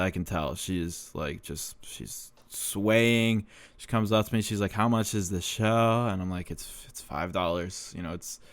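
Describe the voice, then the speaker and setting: Low-voiced profane man telling stories. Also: dry recording. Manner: rambling, profane, self-deprecating, laughs often. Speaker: podcast host. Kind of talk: casual storytelling monologue.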